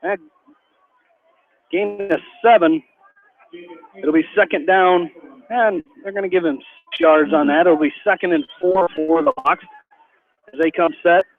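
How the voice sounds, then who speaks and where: High-voiced radio play-by-play man. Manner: rapid, rising excitement on big plays. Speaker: play-by-play announcer. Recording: tinny phone-like radio broadcast with faint hiss.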